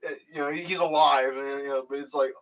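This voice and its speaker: A man's voice: mid-range voice, steady tone, quick pace, a bit bright, distant mic. A young man hosting a casual chat, retelling a video in a rambling way full of fillers. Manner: rambling, full of "like" and "you know". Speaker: YouTube host. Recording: voice a bit off the mic.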